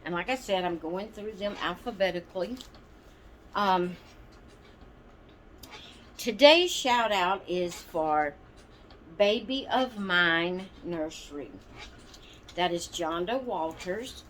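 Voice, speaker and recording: A woman's voice: fairly low pitch, expressive, slow, pauses often, a bit bright, slight background noise. A woman hosting her doll channel, chatting casually and rambling to viewers with plenty of ums and asides. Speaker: doll channel vlog host.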